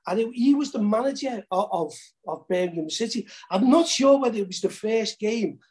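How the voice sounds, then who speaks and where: A man's voice: high voice, expressive, moderate pace, darkish tone. A man hosting a podcast interview, hesitant and often restarting his sentences. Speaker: podcast host. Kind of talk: casual chat.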